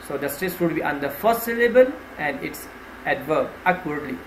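A man teaching vocabulary, reading out each word with its meaning and an example sentence in a slow, deliberate way, pointing out which syllable to stress. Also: on the high side, lively intonation. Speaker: English teacher. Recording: roomy with faint ambient noise.

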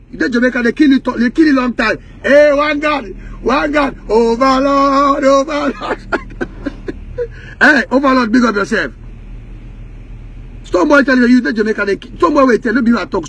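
A Ghanaian man speaking in Pidgin English, his voice pitched unusually high for a man. He rants heatedly and mockingly to the camera, now and then breaking into sing-song taunts. His tone has a husky, breathy edge throughout. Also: a bit bright. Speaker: music industry commentator.

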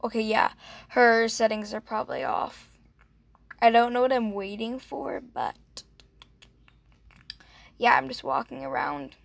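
A woman's voice: fairly high pitch, measured pace, long pauses. A young woman chatting casually over a game, gushing and gasping, filling her talk with "like". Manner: gushing, breathy gasps, lots of "like". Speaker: gaming vlogger. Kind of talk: casual gameplay commentary.

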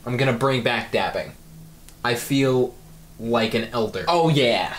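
A man's voice: mid-range voice, measured pace, slight background noise. A young man in his late teens giving a dry, self-mocking reaction commentary with sarcastic asides. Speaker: video creator.

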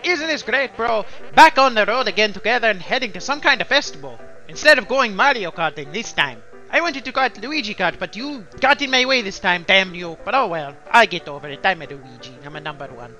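A man's voice: sits high, lively intonation, a little fast, few pauses, bright, forceful tone, highs cut off, full character voice. A man voicing Luigi as a goofy, broke younger-brother plumber who whines and pities himself, with game music faintly behind. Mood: boastful.

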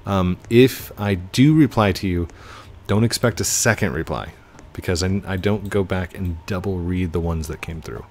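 A man's voice: low voice, normal speed, a little mellow. A young man hosting a gaming channel, chatting casually and rambling to his viewers while he plays. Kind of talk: casual gameplay commentary.

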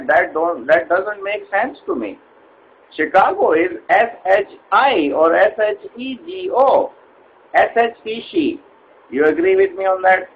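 A man's voice: high voice, phone-quality sound. A man voicing a polite, formal male call center agent with an Indian accent in a comedy sketch, hesitant and full of fillers.

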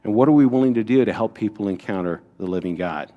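A man's voice: lowish voice, expressive, quick pace, highs cut off. Conversational male pastor asking rhetorical questions. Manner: conversational, rhetorical questions, frequent "right?" asides. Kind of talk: teaching a Bible lesson to a congregation.

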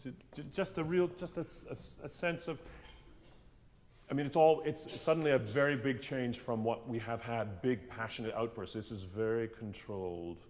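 A man's voice: mid-range voice, normal speed. A man runs a vocal masterclass from the stage of a theatre. He talks his student through each phrase and acts the lines out himself to show what he means. His voice carries a long hall reverb. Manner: animated, demonstrates lines by half-singing them. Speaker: vocal coach leading a masterclass. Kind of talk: masterclass coaching.

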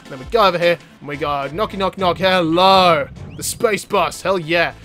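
A man giving animated, joking gameplay commentary to his viewers. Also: a little high, brisk, faint music behind. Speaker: gaming YouTuber.

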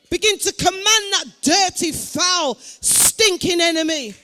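A woman pastor leading fervent prayer in a church, preaching in a sing-song cadence, breaking into tongues and shouted declarations. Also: extremely high pitch, unhurried, hardly any pauses. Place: church building.

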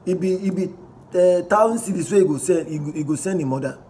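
A Ghanaian-accented man talks through online posts in a lively, playful vlog style, switching between pidgin and English. His voice sits a little high but sounds soft and dark in tone. He chuckles often as he reacts. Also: fast, a little hiss or hum. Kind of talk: casual commentary reading posts aloud.

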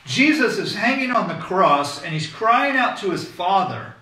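Male pastor, slightly high, bright voice; conversational, emphatic sermon; distant mic, echoey hall. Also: expressive, measured pace, few pauses. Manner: conversational, emphatic preaching with frequent "okay?" check-ins.

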